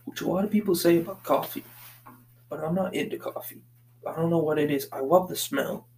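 A man from the Boston area hosts a casual solo podcast in his basement, pacing as he rambles between thoughts and swears constantly. His voice is a little high, a little mellow, and brisk, heard in a low-quality recording with slight background noise.

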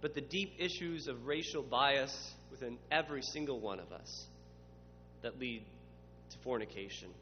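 A man's voice: mid-range voice, normal speed, faint music behind. A man preaching a sermon, building to emphatic spoken lists. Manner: dramatic voices for quoted questioners, builds to emphatic lists. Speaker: pastor. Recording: muffled, with long reverb and faint hum.

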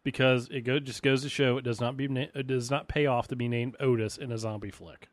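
A man's voice: medium pitch, steady tone, fairly quick, dry recording. A man co-hosting a podcast, chatting casually about a TV episode in a laid-back way and laughing easily. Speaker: podcast co-host. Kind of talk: casual chat reviewing a TV episode.

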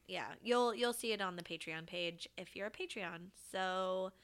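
A woman co-hosts a podcast in bubbly, jokey chat full of deadpan sarcasm. Her pitch sits in the middle. The voice sounds bright and crisp. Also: moderate pace. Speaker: podcast co-host. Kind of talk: casual chat.

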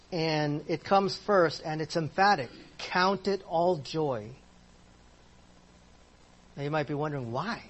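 Bible class teacher, man, somewhat high voice, chatty, quizzes the room. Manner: conversational, asks the class questions.

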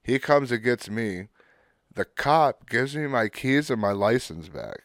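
A man's voice: mid-range voice, lively intonation, a little slow, no echo, clean studio sound. A man co-hosting a podcast, telling a story in a laid-back, swear-filled way and acting out what people said. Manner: laid-back, swears a lot, acts out quotes. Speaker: podcast co-host. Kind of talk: casual storytelling.

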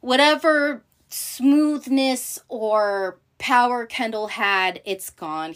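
A woman hosting a casual recap, talking in an animated, profane way with many fillers and acted-out quotes. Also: medium pitch. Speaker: podcast host recapping a TV show. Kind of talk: casual chat.

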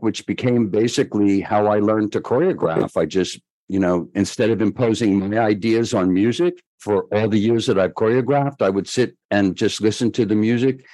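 An older man, a guest choreographer, telling stories in a chatty, animated way and laughing along. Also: lowish voice, no echo, rough recording. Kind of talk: storytelling interview.

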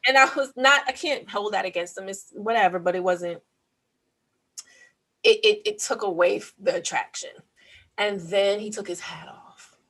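A woman in casual chat, telling a story in a drawn-out, expressive way with breathy asides. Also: medium pitch.

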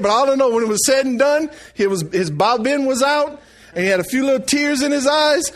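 Middle-aged male pastor with a strikingly high voice, delivers a folksy sermon with call-outs. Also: fairly bright tone. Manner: folksy storytelling, calls for response. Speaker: preacher.

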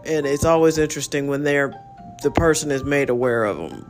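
A man's voice: a little high, fairly quick, soft background music. A man hosting a casual solo podcast, talking in a rambling, frank way full of fillers. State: yawning, relaxed. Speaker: podcast host.

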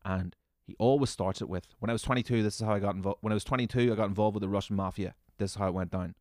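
A man hosting a comedy podcast, ranting sarcastically with lots of swearing and sudden loud mocking bursts. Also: on the low side, steady tone, racing, dry recording, studio quality.

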